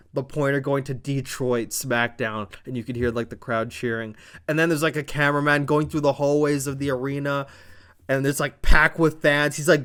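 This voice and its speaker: A man from Canada recapping a wrestling show in a casual vlog, telling it excitably with lots of swearing and fillers. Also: fairly high pitch, clear, resonant tone.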